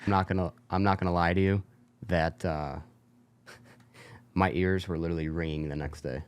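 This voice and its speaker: A male co-host with a very low voice chats casually in a laid-back way. Faint noise runs underneath his voice in the studio. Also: fairly even intonation, moderate pace. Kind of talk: casual chat.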